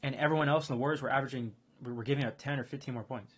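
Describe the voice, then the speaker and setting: A man streaming casual chat, rambling and excitable, full of fillers and restarts. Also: medium pitch, rapid-fire, husky. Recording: dull lo-fi stream audio.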